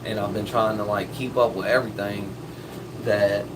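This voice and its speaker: A man's voice: on the low side, fairly even intonation, moderate pace, far from the mic, background noise. A man hosting a live stream in casual chat, laid-back and slangy, swearing freely.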